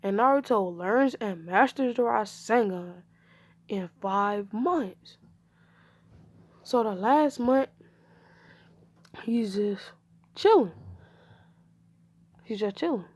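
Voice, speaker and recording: A woman's voice: mid-range voice, takes it slowly, long pauses, dry recording. A woman casually telling an improvised fan story, loose and slangy with rambling asides.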